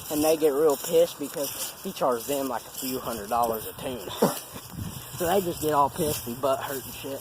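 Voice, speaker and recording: A man's voice: fairly high pitch, creaky. Give me a young man with a drawl telling crude, joking stories outdoors, with noisy camera sound. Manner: profane, joking, rambling. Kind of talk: casual rambling storytelling.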